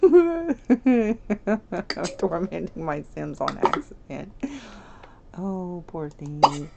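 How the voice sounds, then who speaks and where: A woman streaming a life-sim game, chatty and giggly, talking straight to her viewers, over steady background noise. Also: on the low side, drawn-out words, gravelly. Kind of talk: casual gameplay commentary.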